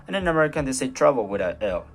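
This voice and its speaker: A man's voice: medium pitch, sing-song, racing, faint music behind. A man with a Colombian Spanish accent, a native Spanish speaker, giving a hesitant class presentation with many fillers and restarts. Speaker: student presenter.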